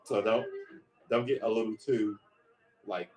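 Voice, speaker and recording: A man's voice: fairly low pitch, steady tone, a little slow, darkish tone. A man casually commenting on an old movie during a livestream, talking in a rambling, chatty way and often stopping to correct himself. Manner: rambling, chatty, self-interrupting. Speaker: livestream host.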